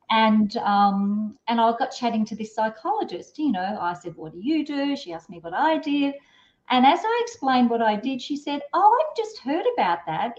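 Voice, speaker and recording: A middle-aged woman spins a long, rambling story, full of fillers and restarts. Her voice sits at an ordinary pitch. The audio is dull and lo-fi, with a roomy echo around her. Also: a little mellow. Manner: chatty, rambling, with many fillers and self-corrections. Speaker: parenting strategist guest. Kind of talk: storytelling in an interview.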